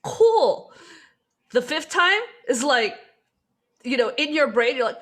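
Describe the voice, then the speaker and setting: A woman's voice: high voice, very animated, slow pace, long pauses, fairly bright tone. A woman taking part in a workshop, asking a question candidly and thinking aloud with many fillers. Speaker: workshop participant.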